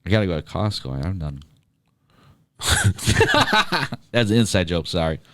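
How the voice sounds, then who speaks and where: Animated, jokey man with a low voice. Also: quick pace, a little hiss or hum. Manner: animated, joking, swears casually. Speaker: podcast co-host, DJ. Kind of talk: casual chat.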